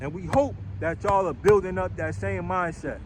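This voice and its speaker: A man preaching outdoors on a city street, blunt and rough-spoken, hammering each point with "right?" and "man". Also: sits high, normal speed, background noise.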